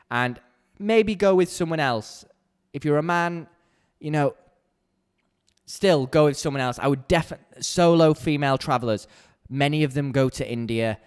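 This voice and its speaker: A man's voice: mid-range voice, clear, resonant tone. A young man hosting a solo podcast, talking bluntly and candidly from a small home podcast corner. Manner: blunt, candid, heated when ranting. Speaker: podcast host.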